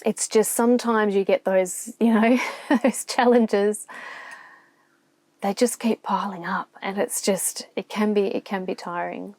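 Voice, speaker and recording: This Australian woman records a solo vlog inside her van at a campground, speaking openly and reflectively, restarting often and sometimes close to crying. Her medium, steady voice has a measured pace and a darkish tone, with no room sound.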